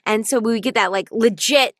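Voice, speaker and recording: A woman's voice: fairly high pitch, brisk, no room sound. A woman, a voice actor guest chatting casually and thoughtfully in an interview. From United States. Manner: chatty, reflective, many fillers like "like" and "you know".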